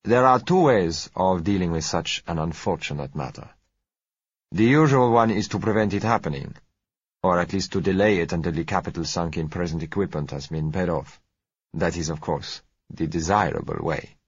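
Man voicing a polite businessman, deep, husky, slow, gentle, courteous, dull lo-fi sound. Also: dry recording. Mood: suave. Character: smooth, polite South American businessman. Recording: dull lo-fi recording.

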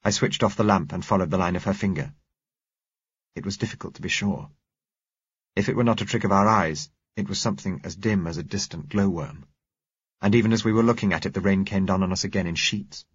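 A man reading a first-person story aloud in a measured, steady narration. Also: low voice, breathy edge, no echo, lo-fi sound. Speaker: audiobook narrator.

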